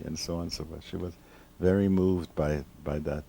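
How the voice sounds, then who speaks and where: A rabbi in his seventies, recalling his past in an interview from his home library, speaking slowly and reflectively with many restarts. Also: sits low, fairly even intonation, creaky, mellow, slight background noise. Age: 70s. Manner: slow, reflective, with many restarts and repeated words. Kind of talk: reminiscing storytelling in an interview.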